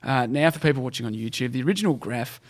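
An Australian man co-hosting a casual podcast chat, brisk and emphatic, with dry asides. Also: mid-range voice. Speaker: podcast co-host.

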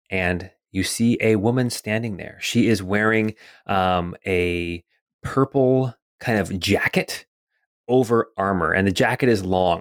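A man narrating a tabletop game as game master, relaxed, with many fillers. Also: lowish voice, dry recording, clean studio sound.

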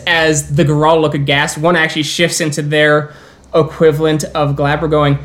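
A man narrating as storyteller of a tabletop role-playing game, voicing its characters in turn with halting restarts. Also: on the high side, flat delivery, fairly bright tone. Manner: plays many characters in quick turns, with halting restarts.

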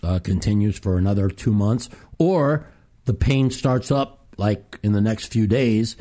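A man's voice: lowish voice, unhurried, dark tone. A man hosting a call-in talk show, ranting profanely and animatedly about sports. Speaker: host.

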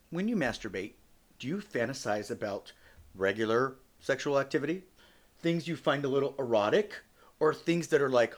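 Blunt, profane man hosting a podcast. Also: medium pitch. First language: not English. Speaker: podcast host. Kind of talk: solo podcast monologue.

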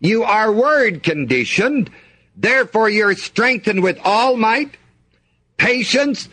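A man's voice: high-pitched, animated, takes it slowly, sharp tone. A man preaching a sermon, reading scripture aloud and asking the congregation to fill in the missing words.

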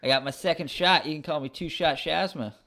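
A man co-hosting a podcast in casual chat, his voice a bit crackly today, joking in a deadpan way. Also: a little high, a little fast. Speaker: podcast co-host.

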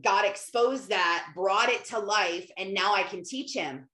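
Woman, casual faith talk, animated, echoey room. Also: mid-range voice, unhurried. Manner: animated, often acts out quotes, many fillers. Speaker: mother and Christian speaker. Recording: roomy echo.

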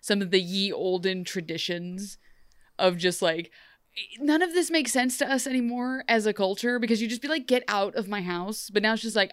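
Animated young woman, smooth dry voice. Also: mid-range voice, moderate pace, no echo. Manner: animated, jokey, acts out characters in funny voices. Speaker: podcast co-host. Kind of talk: casual chat recapping a TV episode.

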